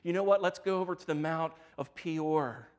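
A man's voice: a little high, moderate pace, voice pushed up, natural voice. A man doing a pushy, exasperated king. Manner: loud, insistent and wheedling. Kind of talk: acted quote in a sermon.

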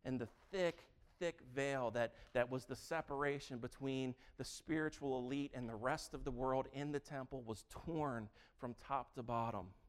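A man preaching a sermon in a conversational, animated way, often restarting his sentences. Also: medium pitch, moderate pace, few pauses. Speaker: pastor.

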